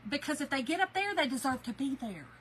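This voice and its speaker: A woman's voice: sits high, fast, slight background noise, low-quality recording. A woman, chatting casually with her livestream viewers from home and telling stories with lots of laughter. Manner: chatty, animated storyteller, laughs often. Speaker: craft channel host.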